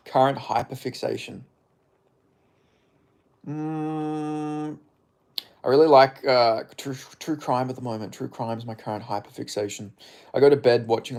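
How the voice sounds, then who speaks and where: A man's voice: mid-range voice, fairly even intonation, moderate pace, gravelly, a little mellow. An Australian man streaming and reading chat aloud, with blunt, profane, laid-back banter. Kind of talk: casual livestream chat.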